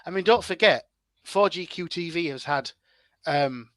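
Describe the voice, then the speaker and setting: A man's voice: a little high, a little slow, fairly bright tone, dry recording. A man, chatting as a guest content creator in a casual interview, full of fillers and restarts.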